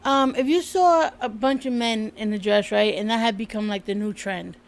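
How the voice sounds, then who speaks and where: A woman's voice: fairly high pitch, moderate pace, vocal fry. A woman co-hosting a casual livestream, laughing often and talking loosely with some swearing. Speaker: livestream co-host. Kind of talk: casual live-stream chat.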